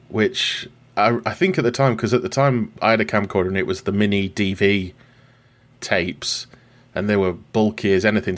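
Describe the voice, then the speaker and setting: A man hosting a podcast, chatting casually and wryly as he recaps a film from his notes. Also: fairly low pitch. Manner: wry, chatty, laughs at his own jokes. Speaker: podcast host.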